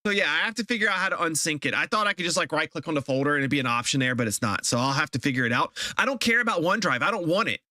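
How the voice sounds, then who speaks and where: A man streaming a game and talking to his viewers in loose, exasperated rants full of restarts and repeats. His voice sits a little high and sounds bright. The sound is dry, with no room echo. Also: animated, very fast, few pauses. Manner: ranting, exasperated, repeats himself. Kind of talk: casual live-stream chat.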